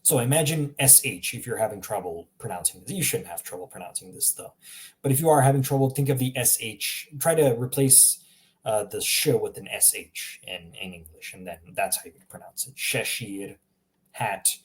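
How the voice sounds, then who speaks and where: A man's voice: on the low side, moderate pace. A man teaching pronunciation in a live online lesson, patiently repeating each word and answering viewers. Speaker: language teacher.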